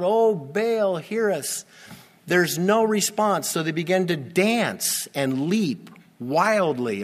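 Man, pastor; measured, deliberate sermon delivery with wry asides; reverberant sanctuary sound. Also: medium pitch, a bit bright. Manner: expository, teasing asides, emphatic.

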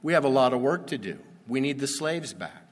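A scornful ancient king grumbling about his lost slaves, as a man puts him on in a sermon, in a mid-pitched voice with long hall reverb. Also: animated, a little fast, close to an everyday voice.

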